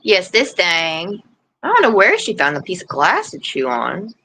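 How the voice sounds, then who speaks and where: A woman's voice: mid-range voice, huge pitch swings, fairly quick, sharp tone, a little hiss or hum, low-quality recording. A woman hosting a casual livestream, rambling chattily and breaking off to scold or coo at her dog outdoors. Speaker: livestream host. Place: outdoors in a yard.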